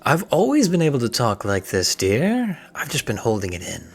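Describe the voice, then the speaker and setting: A man's voice: medium pitch, wildly swooping pitch, normal speed, gravelly, husky, exaggerated voice. A man voicing Oberon, a haughty male fey king posing as a cat, who talks in a pompous, condescending way during a live tabletop game. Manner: pompous, condescending, calls others darling and dolt.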